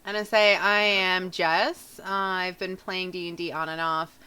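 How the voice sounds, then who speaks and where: A woman's voice: on the low side, flat delivery, unhurried, bright, forceful tone, clear, resonant tone. A woman in casual chat, introducing her character for a tabletop game in a giggly, playful way.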